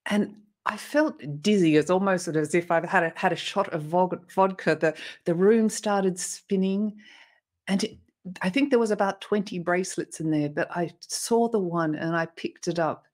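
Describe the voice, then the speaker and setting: Earnest female storyteller, lower-pitched, heartfelt, interview guest. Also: darkish tone. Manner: earnest, emotional retelling with restarts. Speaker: interview guest, motivational speaker.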